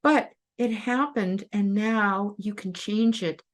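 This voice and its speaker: A tearful woman in her fifties hosts her own show and tells a personal story straight to camera. She speaks earnestly and with open emotion, often pausing and restarting. Her voice sits in a middle pitch. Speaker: host.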